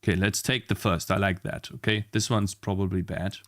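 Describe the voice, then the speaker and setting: A man's voice: low-pitched, fairly even intonation, brisk, a bit bright. Frustrated man muttering at his computer. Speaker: indie game developer streamer. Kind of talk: casual live-stream talk while working. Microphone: streaming mic at a desk.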